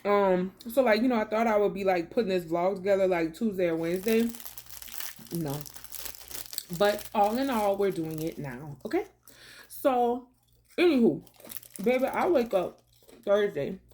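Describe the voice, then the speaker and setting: A woman's voice: mid-range voice, expressive, measured pace, pauses often, dark tone, a little hiss or hum. Woman vlogging, just chatting away, slangy, keeps saying baby and y'all, eating while she talks. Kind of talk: casual chat to camera.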